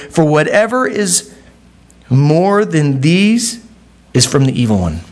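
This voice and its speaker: A man delivers a sermon at an unhurried pace, his voice sitting somewhat high for a man. He keeps it conversational, peppering his teaching with quick asides to the congregation. When he quotes scripture his pitch climbs sharply. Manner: conversational, frequent asides like "right?" and "okay?"; animated, pitch jumps when quoting. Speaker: pastor.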